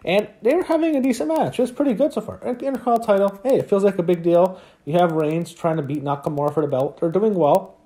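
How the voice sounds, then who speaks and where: A man's voice: high voice, quick pace, warm tone. A man giving a casual spoken review of a wrestling show, swearing often and ranting when annoyed. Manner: profane, ranting, easily annoyed.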